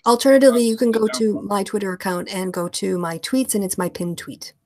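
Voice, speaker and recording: A woman's voice: medium pitch, fairly even intonation, a little fast, darkish tone. A woman hosting a casual online chat, talking in a friendly way and laughing easily. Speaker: host.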